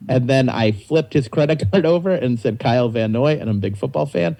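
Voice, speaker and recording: A man's voice: mid-range voice, brisk, hardly any pauses, low-quality recording. A young adult man, a comedian guest, telling anecdotes in casual chat and acting out the other people's voices as he goes. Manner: animated, acts out voices in anecdotes.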